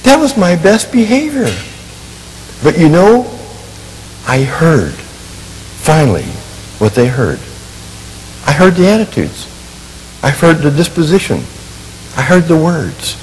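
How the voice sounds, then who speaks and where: A man telling a personal story in a sermon, animated and poking fun at himself, acting out what people said. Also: a little high, slow pace, long pauses, in a large hall, a little hiss or hum, low-quality recording. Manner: animated, self-mocking humor, acts out quotes. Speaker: Christian minister and family counselor.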